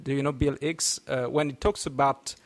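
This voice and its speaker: A man with a French accent hosting a casual podcast, halting and laughing, full of restarts. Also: mid-range voice, fairly even intonation, gravelly. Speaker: podcast host.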